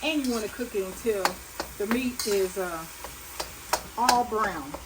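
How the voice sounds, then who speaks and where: A woman's voice: medium pitch, measured pace, very noisy. A woman hosting a cooking channel, chatting folksily and laughing as she cooks in her home kitchen. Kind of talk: casual cooking demonstration. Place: home kitchen at a hot stove. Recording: distant mic with loud frying sizzle.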